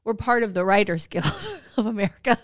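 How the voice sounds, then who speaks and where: A woman in her forties co-hosting a podcast in casual chat, animated and laughing often, with free swearing. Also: medium pitch, fairly quick, no room sound, studio quality. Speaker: podcast co-host.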